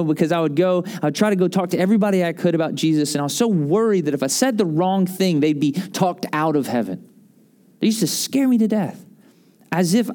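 High-voiced, animated man preaching a sermon. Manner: conversational, animated storytelling with asides. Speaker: pastor.

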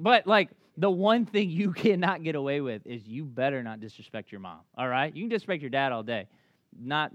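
A man preaching a sermon as a pastor, telling stories conversationally and swinging between loud bursts and hushed lines. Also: fairly high pitch, no room sound.

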